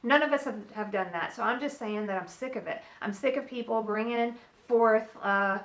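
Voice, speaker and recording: A woman's voice: fairly high pitch, moderate pace, fairly bright tone, echoey room, poor audio. A young adult woman from California hosting a casual solo opinion talk, chatty and frank, with many fillers and restarts. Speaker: podcast co-host.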